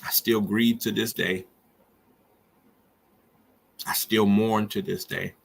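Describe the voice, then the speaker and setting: Slow and flat, with vocal fry and a lowish pitch, this middle-aged man hosts a podcast over slight background noise. He delivers a heartfelt, sermon-like monologue on grief and faith that swells as his emotions build.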